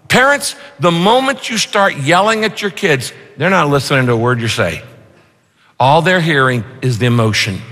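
A male pastor delivers a sermon with a lively voice that swings up and down. His tone is bright and on the higher side. A long reverb rings around him from a large church hall. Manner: animated, punchy rhyming lines.

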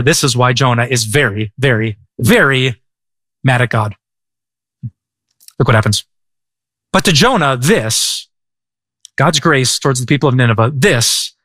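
A middle-aged man preaching a sermon as a pastor, talking in a lively, conversational way with humor. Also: medium pitch, no echo.

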